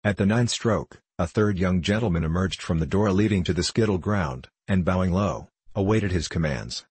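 Narrating an audiobook, this man keeps a steady, even storytelling pace; his voice is low and slightly rough, and there's no echo.

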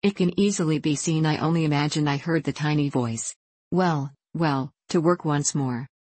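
Woman voicing a frightened old carpenter, low and dry, mumbling. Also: moderate pace, darkish tone, no room sound. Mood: nervous. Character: old male carpenter, jittery and easily frightened.

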